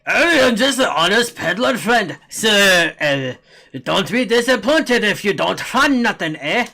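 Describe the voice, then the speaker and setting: A man's voice: high-pitched, very animated, unhurried, bright, forceful tone, heavily acted. A man doing a shifty old peddler. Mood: sly. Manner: sly, rough-spoken. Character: shifty old male peddler, evasive and crude. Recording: game music playing clearly behind.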